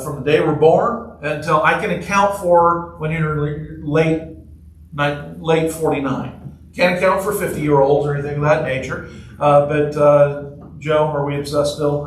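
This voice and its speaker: A pastor preaches a casual, joking sermon in a church sanctuary, telling stories and putting questions to the people in the pews in a chatty way. His voice is fairly high, with a little hiss or hum on the recording. The room is echoey and he sounds far off.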